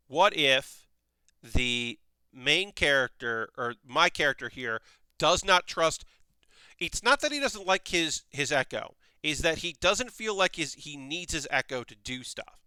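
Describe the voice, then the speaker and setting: Bright, crisp-voiced rambling man streamer. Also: on the high side, animated, dry recording. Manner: rambling, restarts, acts out quick character voices. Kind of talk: casual chat while model building.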